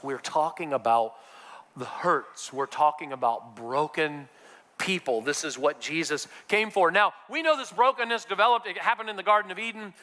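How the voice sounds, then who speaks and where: A man's voice: fairly high pitch, normal speed, pushed and bright. A man preaching a sermon as pastor, building to emphatic passages. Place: church sanctuary. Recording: church hall reverb.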